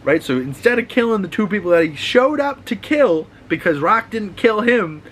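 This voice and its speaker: A man's voice: high-pitched, animated, normal speed, fairly bright tone, a little hiss or hum, low-quality recording. A man with a Boston accent hosting a casual, rambling, profane recap of TV shows, full of restarts. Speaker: host.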